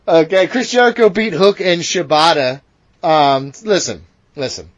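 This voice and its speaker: A man's voice: fairly high pitch, lively intonation, a little slow. A man co-hosting a wrestling podcast, brash and teasing, swearing freely in casual banter. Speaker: podcast co-host.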